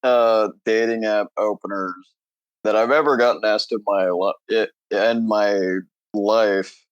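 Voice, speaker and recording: A man's voice: lowish voice, fairly even intonation, unhurried, smooth, dry recording. A young man co-hosting a podcast in casual banter, rambling through stories and laughing at his own jokes into a close mic. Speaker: podcast co-host.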